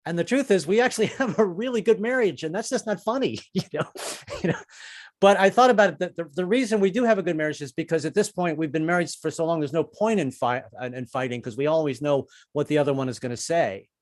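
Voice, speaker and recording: Older man doing chatty stand-up. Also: fast talker. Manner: chatty, self-deprecating, jumps into high-pitched character voices for quoted people. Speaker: stand-up comedian. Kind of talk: stand-up set. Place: comedy club stage.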